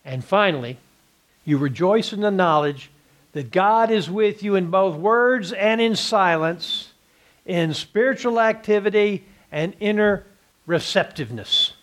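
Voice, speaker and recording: Texan male Bible teacher, higher register, rhetorical lecturing style. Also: unhurried, a bit bright. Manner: asks rhetorical questions and answers them. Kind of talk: classroom Bible lesson.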